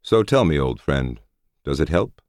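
A man voicing a proud armored lord in an audiobook, speaking firmly and calmly, sometimes needling. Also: rumbling low, a little slow, no echo, clean studio sound, heavily acted. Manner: firm, calm, needling. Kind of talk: audiobook character voice.

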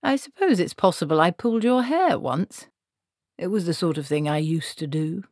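A woman's voice: on the low side, lively intonation, normal speed, darkish tone, no echo, clean studio sound. A woman voicing an elderly, tired male wizard who grumbles as he talks, read as a storybook figure. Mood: weary.

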